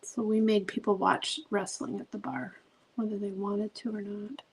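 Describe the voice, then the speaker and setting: A woman's voice: mid-range voice, fairly even intonation, moderate pace, creaky, slightly rough, rough recording. A middle-aged woman, a craft channel host chatting casually while she paints, gushing storyteller with many ums.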